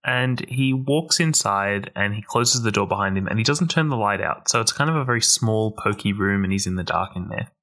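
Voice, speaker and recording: Bright-voiced man playing a tabletop game. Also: lowish voice, lively intonation, fairly quick, few pauses. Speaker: player and podcast co-host. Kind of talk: tabletop role-play podcast.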